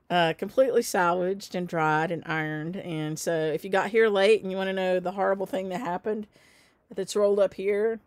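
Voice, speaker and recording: A woman's voice: mid-range voice, fairly even intonation, normal speed, no echo. A woman who runs a stitching shop, chatting casually and cheerfully with viewers on her weekly show, with lots of fillers and frequent laughs. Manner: chatty and upbeat, many fillers, laughs often. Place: indoors at home.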